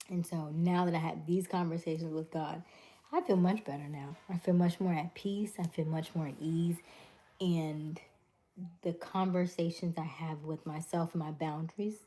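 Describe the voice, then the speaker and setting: A middle-aged woman hosts a relaxed livestream from home into a webcam mic, her low, warm voice moving at a moderate pace. She's animated as she tells stories and acts out dialogues, reading the chat aloud in between.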